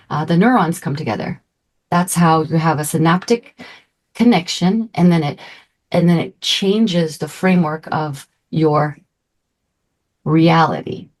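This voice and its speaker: A middle-aged woman leading a spiritual group talk as a manifestation coach, effusive and emotional, sometimes dropping into soft breathy asides. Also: low voice.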